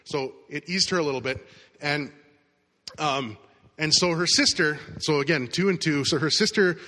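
Preaching a sermon, a middle-aged male pastor tells a personal story in a casual, conversational style. His fairly high voice has a sharp tone and a moderate pace, and the recording carries a long hall reverb.

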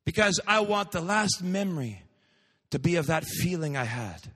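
A man's voice: fairly high pitch, very animated, normal speed, a bit bright, slightly rough, big-room sound, heavily acted. A man voicing a desperate young woman who has run away from home, pleading and emotional. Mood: wistful.

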